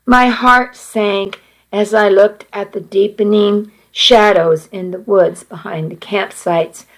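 A woman's voice: mid-range voice, steady tone, slow, poor audio. A woman narrating a first-person story in a plain, earnest reading voice.

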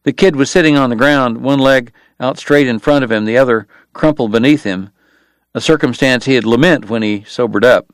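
A male audiobook narrator reads in a steady, measured way. His voice sits in a middle register. It is recorded close and dry, with no room sound. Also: mid-range voice, no room sound. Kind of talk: scripted narration.

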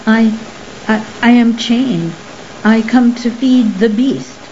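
A woman's voice: fairly high pitch, dark tone. A woman voicing a frightened, stammering young man. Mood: fearful. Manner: halting, stammering. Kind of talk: audiobook character reading. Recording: slightly muffled with faint hiss.

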